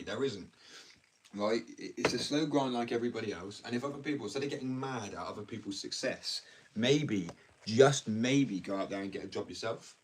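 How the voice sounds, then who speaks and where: A man's voice: mid-range voice, expressive, fairly quick. A young man from England ranting bluntly and ramblingly in a casual livestream, full of slang. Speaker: live streamer. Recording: distant mic with faint background noise.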